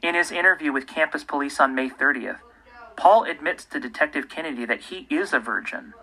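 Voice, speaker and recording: A man, the host, giving scripted true-crime narration in a measured, pointed way. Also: a little high, animated, sharp tone, husky, poor audio. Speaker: podcast host.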